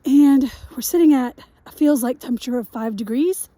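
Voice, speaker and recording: A young woman talks straight to her viewers in a casual vlog, frank and a little self-deprecating. Her voice sits high and husky, with a mellow tone. She speaks at an unhurried pace. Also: no room sound. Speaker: single mom vlogger. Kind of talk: casual vlog talk to camera.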